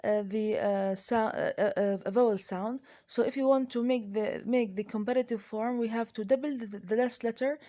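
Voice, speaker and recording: A woman with an Arabic accent teaching an English grammar lesson, speaking slowly and deliberately, with many pauses, fillers and restarts, and switching into Arabic to explain. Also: a little high, fairly even intonation, mellow.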